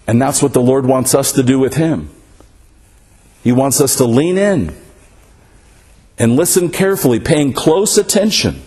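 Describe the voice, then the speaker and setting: A man's voice: medium pitch, animated, a little slow, long pauses, mellow. A man preaching a sermon, asking rhetorical questions and often adding "right?" to check in with his listeners.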